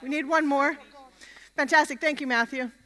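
A woman's voice: high voice, normal speed, bright, forceful tone. A woman preacher giving an interactive sermon at a camp meeting, energetically leading the crowd in chants. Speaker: guest preacher. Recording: long hall reverb.

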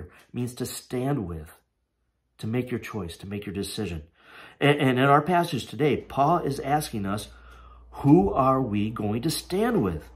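A man preaching a sermon as pastor, conversational and storytelling, with frequent asides and restarts. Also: medium pitch.

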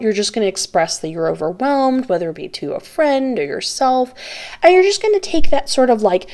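A woman tarot reader with a medium-pitched, somewhat dark voice does a pick-a-card reading. She speaks directly to the viewer in an earnest, reassuring, chatty way, with light laughs.

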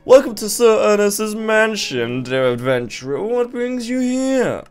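A man puts on a posh, haughty butler voice for a game character. It sits high and swoops with lively pitch. Light music plays faintly behind. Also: unhurried, clear, resonant tone. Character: posh male butler and chef.

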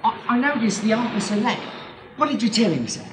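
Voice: medium pitch, animated, brisk, natural voice. A performer playing a wheedling, stammering hustler who keeps calling the listener "sir", on an amateur home tape. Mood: ingratiating. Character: wheedling street hustler who stages his own drowning. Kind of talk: amateur radio-play acting. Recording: hissy home tape recording.

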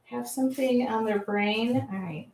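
A woman's voice: on the high side, measured pace, a little mellow, roomy sound, slight background noise. A middle-aged woman running a live mixed-media art demo, chatty and self-deprecating, talking to viewers while she works. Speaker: art instructor. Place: home art studio.

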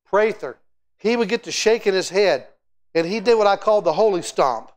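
Middle-aged guy preaching in church, kinda high voice, animated storytelling, stumbles and repeats himself a lot. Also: normal speed. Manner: animated, storytelling, repeats words and restarts often. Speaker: guest preacher. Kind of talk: sermon. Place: church sanctuary.

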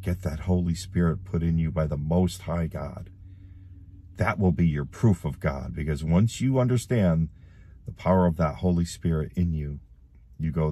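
Low, husky man, urgent pleading gospel appeal to camera, dry close sound. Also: normal speed, warm tone, no echo. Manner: urgent, pleading, repeats himself. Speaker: online preacher.

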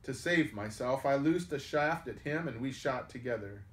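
A man reading an adventure tale aloud at a medium pitch, his voice rising and falling as he moves between narration and characters. The sound is roomy and echoey, as if recorded in a hall. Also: moderate pace. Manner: lively, raises pitch and volume for characters' lines. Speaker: storyteller reading a book aloud. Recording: echoey room.

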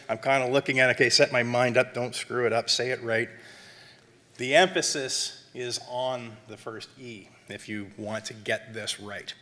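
A man presenting a wine seminar, talking in a chatty lecture style full of fillers and quick "right?" check-ins. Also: medium pitch, sharp tone. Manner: chatty, lots of um and tag questions; self-described academic.

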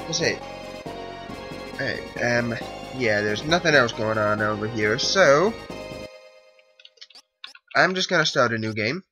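A man's voice: mid-range voice, lively intonation, takes it slowly, long pauses. A man hosting a let's play, giving casual, rambling commentary and correcting himself as he explains the game. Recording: lo-fi with game music behind.

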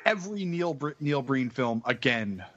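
A man's voice: medium pitch, lively intonation, normal speed, a bit bright. A man chatting as a podcast guest, blunt and sarcastic. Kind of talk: casual podcast chat. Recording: dull, dry lo-fi recording.

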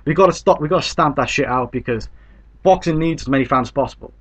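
A man's voice: fairly high pitch, fast. Blunt, profane British man ranting about boxing. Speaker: boxing commentator. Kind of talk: casual opinion commentary.

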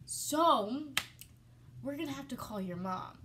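A woman's voice: high voice, lively intonation, takes it slowly, noisy background, pitched above the performer's own voice. A woman voicing a firm, matter-of-fact female teacher laying down the rules.

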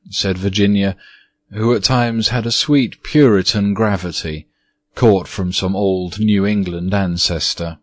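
A deep-voiced man reads an audiobook in a dry recording, delivering the scripted narration in a measured, even storytelling style.

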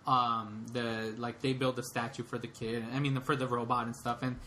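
A man hosting a podcast, retelling a story in an excited, rambling way with many fillers. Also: medium pitch, normal speed, a little hiss or hum. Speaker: podcast host. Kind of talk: casual chat.

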